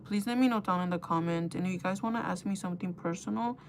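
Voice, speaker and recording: A woman's voice: on the low side, fast talker, a little hiss or hum. A young woman chatting casually to her viewers while doing her makeup, gossipy and talkative, calling them girl and guys. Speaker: beauty vlogger.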